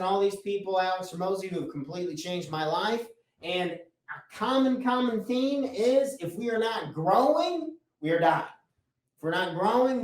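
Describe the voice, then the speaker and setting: Male business coach, bright higher voice, casual motivational delivery with mild swearing, recorded from a distance. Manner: repeats key points for emphasis. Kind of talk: motivational talk to camera. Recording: echoey room, mic at a distance.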